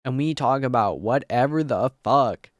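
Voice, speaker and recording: A man chatting live on stream at a desk mic, excitable and rambling, swearing often. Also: mid-range voice, moderate pace, no room sound, clean studio sound. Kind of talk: casual live-stream chat. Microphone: desk mic on a mic arm.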